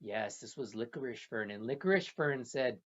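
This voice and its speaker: A storyteller speaking slowly and gently, repeating phrases while telling a traditional tale to children. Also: medium pitch, lively intonation. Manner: slow, gentle and repetitive, with soft trailing phrases. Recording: dull lo-fi recording.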